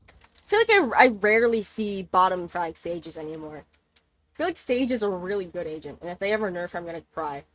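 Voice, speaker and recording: A woman's voice: lowish voice, big pitch swings, a little fast, fairly bright tone. A young woman streaming a game, chatting casually, swearing, laughing and exclaiming as she plays.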